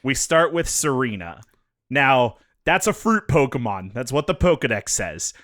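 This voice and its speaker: A man's voice: mid-range voice, very animated, a little slow, fairly bright tone, no echo. A man co-hosting a comedy podcast, talking in a dry, teasing way as he lays out his picks. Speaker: podcast co-host. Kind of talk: casual comedic chat.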